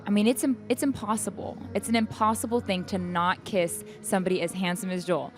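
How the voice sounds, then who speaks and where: A young woman who sings is chatting openly in an interview backstage at an event, laughing a lot as she tells her stories. Her mid-range voice is steady and brisk, with soft music playing in the background.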